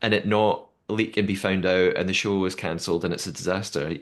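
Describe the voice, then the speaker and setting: A man's voice: low-pitched, fairly even intonation, fairly quick. A man co-hosting a podcast in casual chat. He reads listener messages aloud and often restarts his sentences. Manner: chatty, often restarts and repeats words. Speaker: podcast co-host.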